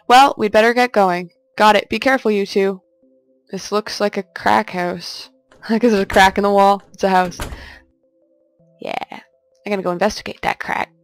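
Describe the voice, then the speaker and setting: A woman's voice: medium pitch, steady tone, moderate pace, soft background music. A young woman casually commenting on a game she is playing, reading its text aloud and joking as she goes. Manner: jokey, chatty, talks to herself. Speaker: let's play host.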